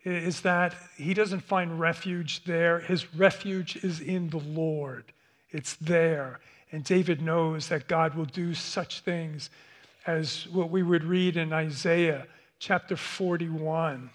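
A man preaching a sermon, speaking slowly and haltingly with many restarts. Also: on the high side, fairly even intonation. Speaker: pastor.

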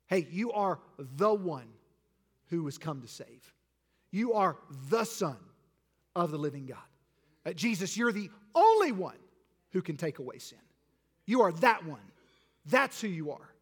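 A pastor with a somewhat high voice delivers a sermon with an altar call. He builds to emphatic peaks, then drops soft and intimate. His voice rings with the long reverb of a church sanctuary. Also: expressive, a little slow.

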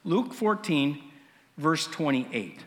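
A middle-aged man preaching a sermon as pastor, conversational, with fillers and frequent throat clearing. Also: on the high side, lively intonation, slow, in a large hall.

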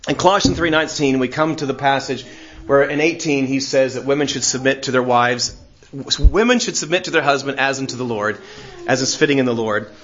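A man's voice: mid-range voice, a little fast, a bit bright, highs cut off. A middle-aged man preaching a sermon in an earnest way, laughing often and repeating words as he searches for them. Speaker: pastor.

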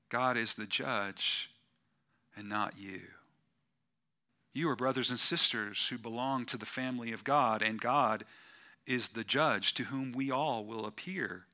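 A man preaching a sermon as pastor to his church, deliberate, swelling to emphasis and dropping quiet. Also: medium pitch.

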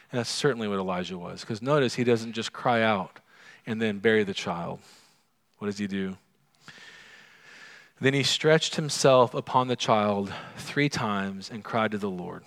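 Man preaching a sermon, loud then hushed. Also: fairly low pitch. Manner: swings from loud and emphatic to quiet and hushed; conversational, asks the listeners questions. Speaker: pastor.

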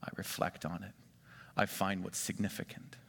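A man preaching a sermon, animated, swinging between loud excitement and quiet intensity. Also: low-pitched, normal speed, creaky, slight background noise. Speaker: pastor.

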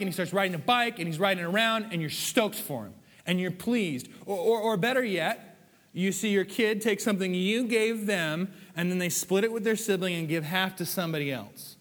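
A man's voice: high voice, normal speed, a bit bright, in a large hall. A man preaching a sermon in a conversational way, with playful acted asides. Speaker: pastor.

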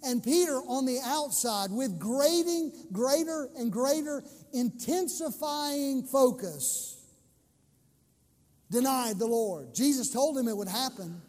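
Male pastor, impassioned sermon, emphatic slow phrases, very high voice, long church reverb. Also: animated, a little mellow.

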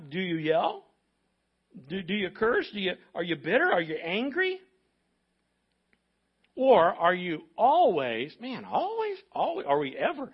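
Husky, lively high-voiced male pastor. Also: muffled recording. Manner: emphatic, repetitive preaching with audience prompts. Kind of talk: sermon. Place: church.

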